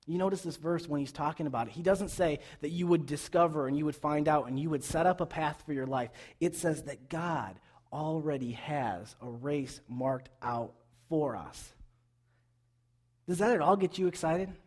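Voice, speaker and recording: A young man giving a sermon in a church, conversational, moving between quiet reflection and loud, urging calls to the congregation. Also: fairly high pitch, moderate pace. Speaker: pastor.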